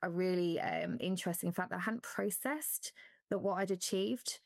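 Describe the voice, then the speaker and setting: Woman, ex athlete, gravelly voice, opens up and laughs a lot in an interview. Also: on the low side, lively intonation, normal speed, dry recording, clean studio sound. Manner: candid, laughing, voice catching with emotion. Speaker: former athlete guest. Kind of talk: emotional interview talk.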